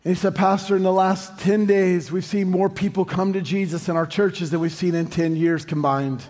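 High-voiced American pastor preaching in a hall. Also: male voice, steady tone, moderate pace, darkish tone. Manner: storytelling, joking asides, rising to sung emphasis. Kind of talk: sermon. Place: large church hall. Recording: long hall reverb, faint music.

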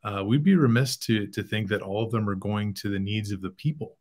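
A man from Canada speaks as a guest in a podcast conversation, with a fairly low voice. He talks earnestly and at a measured pace. He works through his points with small fillers. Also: darkish tone.

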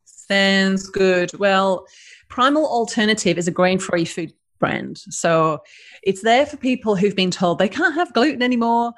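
A woman's voice: mid-range voice, lively intonation, unhurried. A woman with a northern English accent, a business founder chatting informally as an interview guest. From northern England. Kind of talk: casual interview chat.

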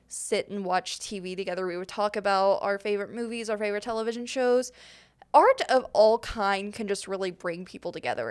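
A young woman chats casually on her podcast, answering listener questions. She rambles with plenty of fillers and little laughs, and her voice sits at an ordinary pitch. Her tone comes through clear and smooth. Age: young adult. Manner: chatty, rambling, many fillers and giggles. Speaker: podcast host. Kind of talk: casual Q&A chat.

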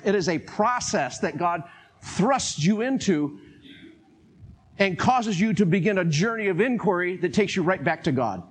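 An older man delivering a sermon with a husky, breathy voice pitched a bit high. He preaches animatedly and acts out little quoted exchanges, often with a chuckle. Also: expressive, moderate pace.

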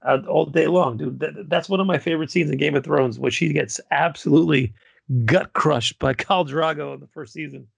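A man's voice: a little high, fairly quick, vocal fry, slightly rough, dry recording. A man co-hosting a casual podcast, laid-back and stammering, swearing now and then. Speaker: podcast co-host. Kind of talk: casual chat.

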